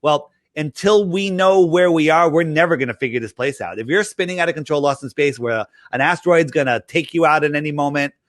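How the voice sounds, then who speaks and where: A man chatting in a casual interview, telling animated stories, acting out the dialogue and rambling with many restarts. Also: a little high, a little fast, hardly any pauses, dry recording, studio quality. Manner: animated storyteller, acts out quoted dialogue. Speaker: interview guest promoting his app.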